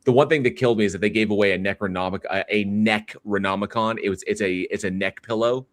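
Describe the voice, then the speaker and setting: Low-voiced man chatting on a livestream. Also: fairly even intonation, fast talker, dry recording, studio quality. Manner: rambling, reads chat aloud, many fillers and restarts. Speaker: livestream host. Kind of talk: casual livestream chat.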